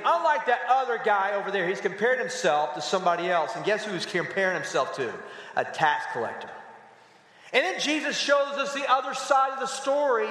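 A male pastor delivers a sermon in a church sanctuary, his bright, forceful voice ringing off the walls. He tells stories with animation and keeps checking in with the congregation through quick rhetorical asides. The recording carries a long, roomy reverb. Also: high voice. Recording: echoey hall with long reverb.

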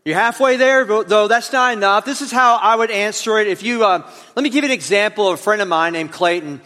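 In a church auditorium with long hall reverb, a pastor with a high, bright, forceful voice preaches briskly. His sermon is conversational, and he draws the congregation into call and response.

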